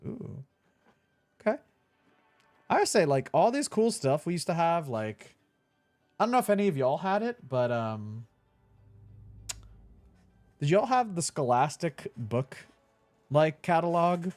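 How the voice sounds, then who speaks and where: A man's voice: on the high side, very animated, unhurried, long pauses, a little mellow, no echo, soft background music. A young man chatting casually while playing a video game, laughing easily and swearing now and then. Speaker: streamer. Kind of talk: casual let's-play commentary.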